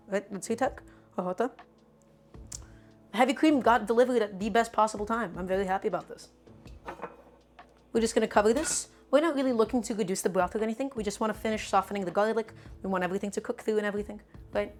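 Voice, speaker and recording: A woman streamer chats while she cooks, playing up small mishaps with theatrical, mock-dramatic grumbling. Her voice sits at an ordinary middle pitch. Soft music plays faintly underneath. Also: quick pace, pauses often. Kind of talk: live-stream cooking chat.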